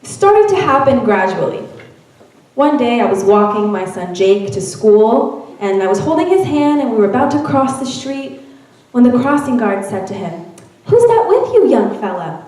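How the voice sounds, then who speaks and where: A woman reading a first-person narrative aloud with expressive storytelling at a church event. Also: fairly high pitch, moderate pace. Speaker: reader at a church Mother's Day event. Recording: very echoey room, from far off.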